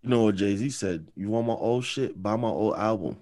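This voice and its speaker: A young man co-hosting a casual podcast, setting up topics slowly with a sarcastic, deliberate manner. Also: on the low side, warm tone. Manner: sarcastic, leads topics with slow deliberate setups. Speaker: podcast co-host. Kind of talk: casual chat.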